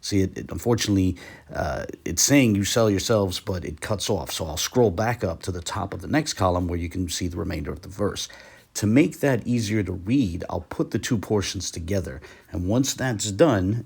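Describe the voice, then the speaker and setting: Low, very husky man explaining scripture. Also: a little mellow. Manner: methodical, hesitant with frequent fillers; careful reading of Hebrew and French phrases. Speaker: biblical language teacher. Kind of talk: screen-share explainer lecture.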